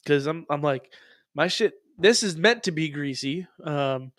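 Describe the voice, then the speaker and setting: A man's voice: fairly high pitch, animated, a little slow, fairly bright tone, no room sound, clean studio sound. A man in his thirties hosting a casual live stream, rambling and profane with many ums. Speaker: streamer host reacting to music.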